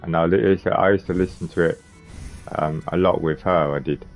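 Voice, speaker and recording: A man's voice: low-pitched, steady tone, normal speed, faint music behind. A man streaming a video game live, rambling casually and chatting to his viewers by name. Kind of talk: casual live gameplay commentary. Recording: slightly muffled lo-fi stream audio.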